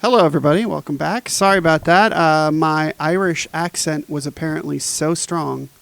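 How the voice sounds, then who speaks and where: Joking podcast host with a gravelly voice. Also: male voice, on the high side, normal speed, a bit bright, no echo, rough recording. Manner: joking, teasing, playful. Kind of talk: casual chat.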